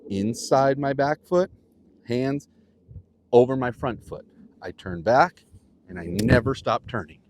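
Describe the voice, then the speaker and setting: A man giving an on-course golf lesson outdoors, coaching in a playful, animated way with vivid imagery. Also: mid-range voice, unhurried, gravelly, long pauses, a little hiss or hum. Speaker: golf instructor.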